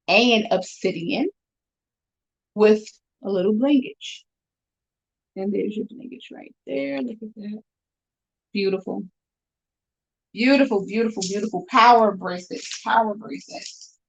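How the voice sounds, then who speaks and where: A woman selling her handmade bracelets on a live stream, chatty and upbeat as she talks straight to her viewers from home. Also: mid-range voice. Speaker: jewelry seller on a live stream. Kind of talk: casual live sales chat. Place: room at home. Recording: dull lo-fi stream audio.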